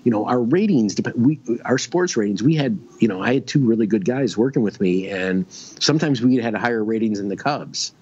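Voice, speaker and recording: A man's voice: lowish voice, lively intonation, brisk, darkish tone, husky. A man guesting on a casual radio show, telling long stories with many restarts and fillers. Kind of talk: casual radio chat, storytelling. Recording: dull lo-fi stream audio.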